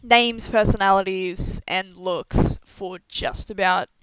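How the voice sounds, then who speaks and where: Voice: mid-range voice, fairly even intonation, slow pace, a bit bright, clean tone, dry recording. A young adult streamer chatting casually and rambling with frequent giggles and self-deprecating asides during a live stream. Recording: slightly dull lo-fi mic, dry.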